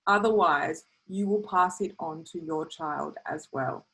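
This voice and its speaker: A young adult woman coaching on self-healing, earnest and animated, talking in quick bursts and acting out little quotes. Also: low voice, gravelly, slight background noise, low-quality recording. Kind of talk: teaching talk to camera.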